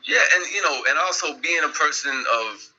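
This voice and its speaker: A man guesting on a podcast, telling a story in a rambling, animated way with many restarts. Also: fairly high pitch, normal speed, lo-fi sound. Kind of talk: casual podcast chat.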